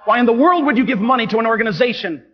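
A man's voice: very high-pitched, animated, racing, lo-fi sound, slight background noise. A man, a parish priest delivering an impassioned homily, indignant and full of rhetorical questions. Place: large church. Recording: long church reverb, faint music.

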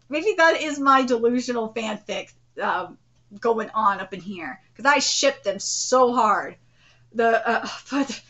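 A woman hosting a live manga reaction stream, gushing and swearing as an excitable fan. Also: on the high side, dull audio.

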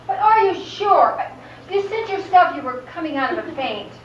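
A woman playing a prim, exasperated married woman on stage, speaking in a slow, indignant way. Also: high voice, big pitch swings. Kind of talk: amateur stage play. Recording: very echoey hall, distant mic, dull sound, noise.

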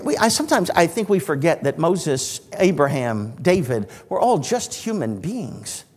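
A man in his sixties, an evangelist preaching a sermon in a church auditorium, telling stories with animated delivery and dry humor. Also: high-pitched, in a large hall. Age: 60s.

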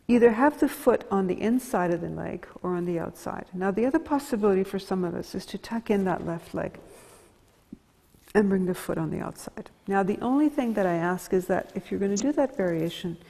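A woman teaching a gentle yoga class, cueing slowly and calmly, humming softly and dropping to near-whispers on breath cues. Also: mid-range voice, gravelly, slightly rough, long reverb tail. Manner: calm, slow cueing with soft hums and sighs. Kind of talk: guided yoga instruction.

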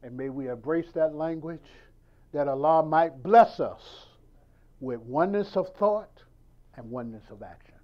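A man's voice: on the high side, animated, unhurried, dull audio. A man preaching a sermon in a conversational style, acting out dialogues and firing rhetorical questions.

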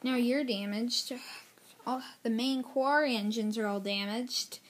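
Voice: mid-range voice, fairly even intonation, unhurried, fairly bright tone, close to an everyday voice. A young voice doing a stern railway boss. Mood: scolding. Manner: scolding, worried. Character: stern, fretful railway controller man.

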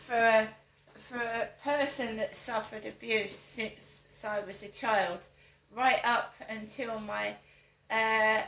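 Slow, emphatic older woman. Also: on the high side, a bit bright, roomy sound, a little hiss or hum, poor audio. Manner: emphatic, repeats her points as rhetorical questions. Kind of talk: direct-to-camera monologue.

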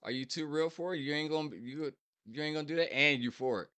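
A man hosting a reaction channel, repeating lines and breaking down their meaning in casual, animated commentary. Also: on the high side, fast talker, clean tone. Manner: repeats lyric lines and explains them, animated.

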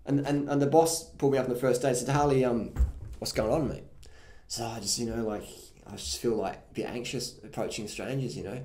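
A man giving casual, blunt and profane advice, telling animated stories about his own past. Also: mid-range voice, fast, hardly any pauses, slight background noise. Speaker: vlogger. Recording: roomy echo.

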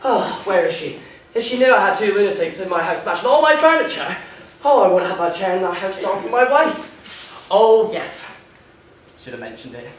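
A young actor playing a flustered, rambling bridegroom on a theatre stage, recorded from far off in an echoey room. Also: male voice, sits high, big pitch swings, moderate pace, slight background noise. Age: young adult. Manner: flustered, rambling, nervous laughs. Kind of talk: stage comedy performance.

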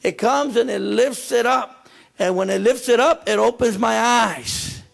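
A pastor preaching a sermon in a repetitive, emphatic way. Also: male voice, very high-pitched, unhurried, vocal fry.

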